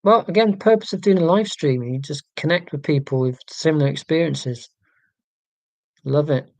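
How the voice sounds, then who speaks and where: A man's voice: fairly high pitch, normal speed, no room sound. A man in his forties chatting casually on a livestream, reading viewer comments and rambling in a wry, self-mocking way with lots of ums and restarts. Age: 40s.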